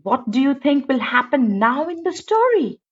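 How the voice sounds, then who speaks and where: Expressive woman teacher. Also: high-pitched, moderate pace. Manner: expressive, sing-song, asks many questions. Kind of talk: storybook read-aloud lesson. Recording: dull lo-fi recording.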